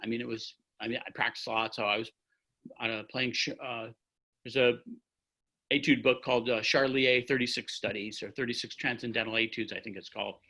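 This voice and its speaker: This is a man in his sixties with a bright, forceful voice, talking at an ordinary middle pitch. He spins a long, meandering anecdote over a video call from his home, stopping and restarting mid-sentence. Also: fairly even intonation, a little fast, low-quality recording. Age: 60s. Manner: long-winded, rambling, full of restarts. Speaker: orchestra trumpet player, guest. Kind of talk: anecdotal storytelling in an interview. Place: at home by his music stand.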